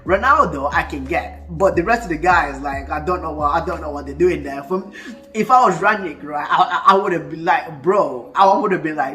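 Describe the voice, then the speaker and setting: A man's voice: on the high side, animated, a little fast, sharp tone, faint music behind. A man, ranting about football in a casual vlog, heated and full of stuttering restarts. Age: 20s. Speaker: football fan vlogger.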